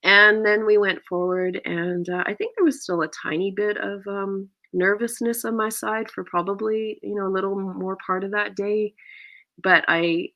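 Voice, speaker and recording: Lively middle-aged woman telling a story. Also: normal speed, muffled recording. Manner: acts out quoted lines with big pitch jumps and gasps. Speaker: actor, interview guest. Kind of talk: animated anecdotal storytelling.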